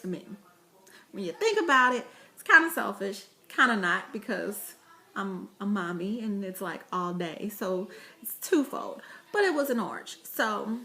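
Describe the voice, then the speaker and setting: A woman's voice: medium pitch, animated, unhurried, pushed and bright. A woman vlogging about parenting, telling chatty stories to camera with laughter and fillers. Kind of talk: casual vlog talk to camera.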